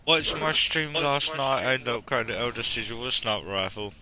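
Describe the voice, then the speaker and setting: A man's voice: medium pitch, fairly even intonation, brisk, over a noisy crowd, poor audio. A man streaming a zombie game, chatting casually with teammates, swearing and laughing as he rambles. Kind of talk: casual gaming chat with teammates.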